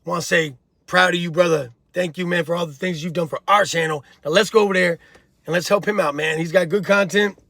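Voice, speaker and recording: Gravelly high-voiced man, blunt street talk. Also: fairly even intonation, brisk, sharp tone, no room sound. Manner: blunt, streetwise, preachy, addresses viewer as bro and homie. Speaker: host of a prison-life commentary channel. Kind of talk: casual commentary vlog.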